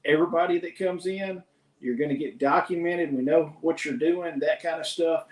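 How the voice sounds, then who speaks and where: A man's voice: a little high, moderate pace. Opinionated man in a roomy echo. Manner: rambling, opinionated, restarts often. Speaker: podcast host. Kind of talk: casual opinion chat.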